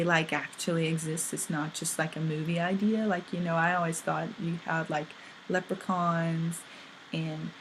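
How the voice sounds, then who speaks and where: A young woman from England talks in a bubbly, chatty way with a British accent, her voice sitting on the lower side. She fills her lines with likes and ums. A faint ambient hum sits behind her. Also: low-quality recording. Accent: British English. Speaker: vlogger. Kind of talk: casual vlog monologue.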